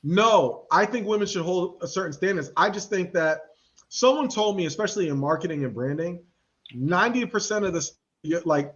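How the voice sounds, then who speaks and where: A man hosting a podcast, talking in a casual, animated and slangy way and acting out the people he quotes. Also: sits high, normal speed, muffled recording. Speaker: podcast host. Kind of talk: casual commentary chat.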